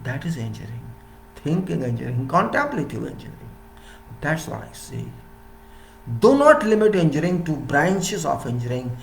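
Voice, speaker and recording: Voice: mid-range voice, big pitch swings, normal speed, gravelly, roomy sound, a little hiss or hum. An engineering lecturer in a rambling, playful monologue who asks rhetorical questions and answers them.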